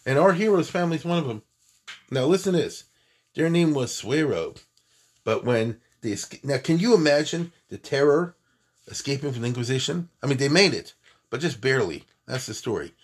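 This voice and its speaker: A man teaching Jewish history in a lively, emphatic classroom talk, full of asides and restarts. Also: mid-range voice, a little fast, husky. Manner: animated, emphatic, conversational with many asides and restarts.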